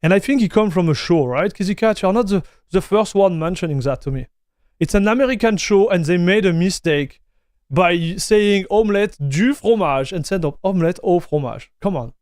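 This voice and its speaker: A man with a French accent hosts a live stream in a chatty, easygoing way, answering viewer messages and tossing in dude and broski. His voice sits a little high for a man and sounds dry and close, with no room echo. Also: moderate pace, darkish tone. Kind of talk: casual live-stream chat.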